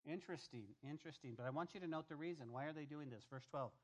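A man's voice: a little high, very fast. Emphatic man teaching a sermon. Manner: emphatic, rhetorical questions, repeats phrases; talks directly to the congregation. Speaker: pastor. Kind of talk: sermon-style Bible teaching.

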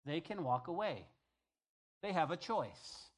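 A man's voice: a little high, very animated, slow. A male pastor giving a conversational sermon, reading scripture aloud and paraphrasing it in everyday speech.

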